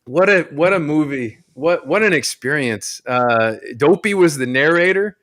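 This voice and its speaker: Man, fairly high voice, casual podcast chat, profane, mocking, laughs a lot. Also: expressive, unhurried, fairly bright tone. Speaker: panelist.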